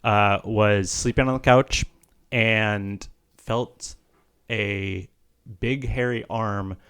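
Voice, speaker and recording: A man co-hosting a podcast, telling a story in relaxed, dry casual chat with casual swearing. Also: lowish voice, extremely slow, clean tone. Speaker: podcast co-host.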